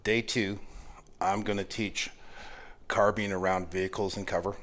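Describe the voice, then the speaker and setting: An American man in his forties telling profane, animated stories in casual chat and laughing through the punchlines, as a guest firearms instructor. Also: on the low side, normal speed.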